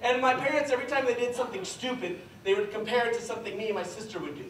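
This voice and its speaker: A man performing a stand-up comedy set in a theater, deadpan with sudden loud outbursts. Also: extremely high pitch, rapid-fire, far from the mic. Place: theater stage with live audience. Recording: echoey theater heard from afar, audience noise.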